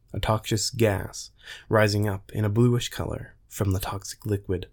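A man narrating a science fiction story in a measured, plain way. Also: on the low side, a little mellow. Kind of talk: storytelling reading.

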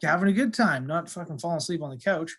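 A young man who is a guest on a podcast, telling stories in casual chat, swearing freely and animated. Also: on the high side, quick pace, slight background noise. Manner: profane, animated storyteller.

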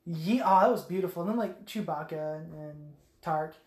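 A woman in casual chat, retelling movie scenes with lots of swearing and quick quoted voices. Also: deep voice, a little mellow. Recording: echoey room.

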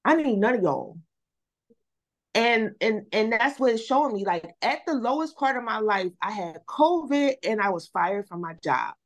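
A woman guest on a podcast, telling her story in casual chat with animated energy, repeating words and saying "y'all". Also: fairly high pitch, moderate pace.

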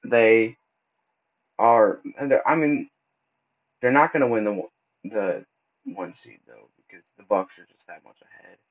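A man hosting a casual solo podcast, talking loosely and stumbling over words as he goes, with relaxed slang. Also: on the low side, unhurried, pauses often. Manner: casual, stumbles and restarts often; laid-back slang like bro and dude. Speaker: podcast host. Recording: dull lo-fi recording.

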